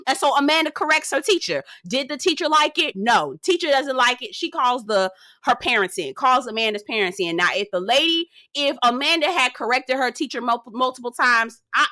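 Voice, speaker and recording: Woman host, young adult, sassy ranting commentary, high forceful voice, dry close sound. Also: lively intonation, a little fast, no room sound. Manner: sassy, hollering, talks straight to viewers.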